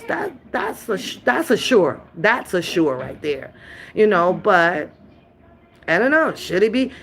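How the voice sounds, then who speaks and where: A woman hosting a casual livestream reaction chat, laughing often, profane, calling her viewers y'all. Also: mid-range voice. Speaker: livestream host.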